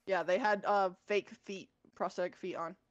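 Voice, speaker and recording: A woman's voice: mid-range voice, steady tone, normal speed, no room sound, lo-fi sound. A woman co-hosting a podcast, casually retelling a book's plot with many fillers and self-corrections. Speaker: podcast co-host.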